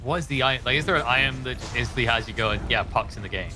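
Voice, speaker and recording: A male esports caster calling a match play by play, excitable and quick to jump up in pitch when fights break out. Music plays clearly under his voice, and he sits at a middle pitch. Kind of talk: play-by-play commentary.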